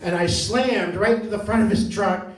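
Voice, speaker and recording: A man's voice: high voice, normal speed, recorded from a distance. A man doing a stand-up comedy set on a club stage, telling stories with lots of energy and often laughing through his lines. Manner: animated storytelling, often laughing mid-line. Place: comedy club stage before a live audience. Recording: roomy club sound caught from afar.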